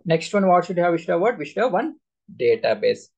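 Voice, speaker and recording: A man's voice: high voice, big pitch swings, fairly quick, creaky, a little mellow, highs cut off, slight background noise. A man teaching a live SQL class, quizzing students with repeated questions. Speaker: SQL instructor.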